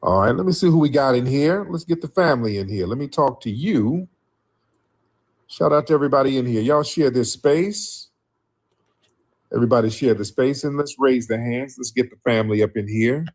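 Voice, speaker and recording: A man hosting a live call-in show with an American South background, bringing callers on and teasing them with blunt disbelief. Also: mid-range voice. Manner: teasing, incredulous, talks over callers. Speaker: host. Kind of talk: casual live call-in chat.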